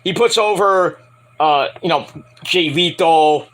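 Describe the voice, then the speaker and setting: A young man casually rambling through a wrestling show review, breaking into shouted impressions of the wrestlers. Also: on the high side, slow pace. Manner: rambling, animated, mimics wrestlers in shouted bursts.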